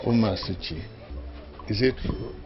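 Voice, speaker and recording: A man's voice: on the low side, a little slow, background noise, lightly acted. A man playing a jovial Nigerian uncle. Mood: pleased. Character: pleased middle-aged uncle, jovial. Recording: muffled film audio.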